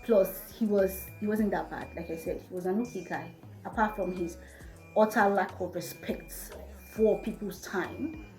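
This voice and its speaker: A young woman telling a storytime vlog to her viewers, chatty and animated. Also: mid-range voice, moderate pace. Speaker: vlogger. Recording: roomy with faint music.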